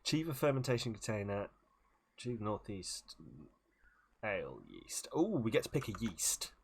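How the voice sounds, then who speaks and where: Brief: male streamer, lively pitch, casual and self-deprecating chat while playing. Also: moderate pace, breathy edge. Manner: chatty, self-deprecating, jumps between topics.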